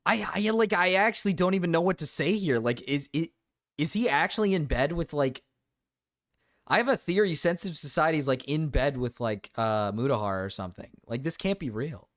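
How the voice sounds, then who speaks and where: A male streamer giving casual reaction commentary. His voice is high and bright, and he breaks into loud, incredulous outbursts. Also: animated, brisk, dry recording, studio quality.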